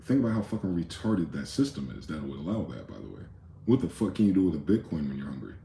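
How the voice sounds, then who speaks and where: A man's voice: a bass voice, big pitch swings, fast, vocal fry, dark tone, roomy sound, a little hiss or hum. A man hosting a rambling late-night monologue, profane and conspiratorial in tone, with many asides. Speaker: host.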